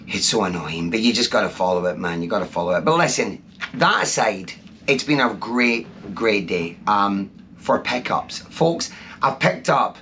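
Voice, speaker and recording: A man's voice: medium pitch, expressive, normal speed, pushed and bright. A Scottish man chatting to camera in a casual vlog, enthusiastic and rambling with plenty of fillers. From Scotland. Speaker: vlogger. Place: out and about, then indoors in a cabin. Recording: noisy background.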